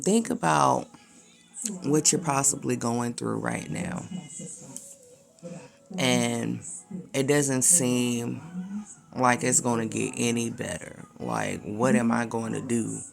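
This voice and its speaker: Slow, gravelly-voiced man preaching casually. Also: medium pitch, steady tone, music in the background. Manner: slangy, conversational, repetitive fillers. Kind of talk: casual encouragement talk.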